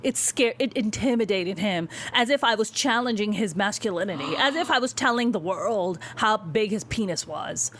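A woman stand-up comedian telling a story in a casual interview, animated, blunt and full of swearing. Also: mid-range voice, moderate pace, few pauses.

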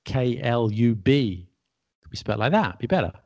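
A British man with a gravelly, creaky edge to his voice, chatting casually and explaining things. He spells words out letter by letter and adds wry asides, with a relaxed, conversational delivery. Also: mid-range voice, normal speed, lo-fi sound. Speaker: podcast co-host explaining spelling. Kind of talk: casual educational chat.

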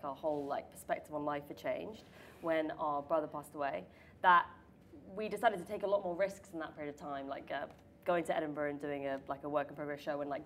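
A woman's voice: sits low, slight background noise. A young woman asking her sibling questions in a casual chat, talking in a rambling way full of fillers. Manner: chatty, many fillers like "like". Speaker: interviewer, sibling of the guest.

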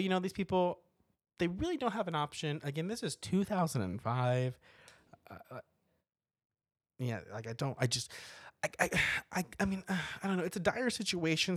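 A podcast co-host in casual chat about a horror movie, animated and laughing often, bursting into loud acted-out reactions. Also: medium pitch, no room sound, clean studio sound.

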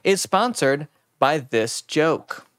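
A man's voice: on the high side, sing-song, takes it slowly, fairly bright tone, no room sound, studio quality. A man hosting a podcast in casual chat, rambling and self-mocking, often stumbling and restarting his sentences. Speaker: podcast host.

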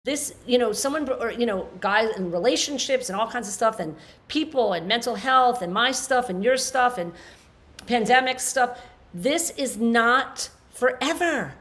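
A woman's voice: on the high side, expressive, measured pace, fairly bright tone. A woman in her fifties, a podcast guest, talking earnestly and passionately in a rambling way, with restarts. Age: 50s. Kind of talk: emotional conversational interview.

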